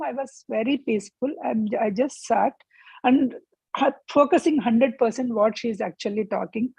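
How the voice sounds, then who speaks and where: A woman with a somewhat high, breathy voice leads a spiritual book club. She reads passages aloud, then explains them and asks her listeners rhetorical questions, in a dry, close sound. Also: darkish tone, no room sound, rough recording. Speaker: book club discussion leader.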